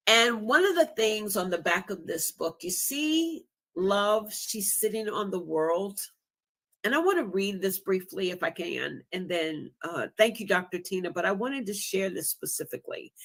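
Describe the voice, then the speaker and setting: A low, gravelly-voiced woman speaking very slowly as a guest on a live stream. She talks in a heartfelt, emotional way, close to tears. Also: fairly bright tone. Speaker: guest podcaster. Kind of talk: casual live-stream chat.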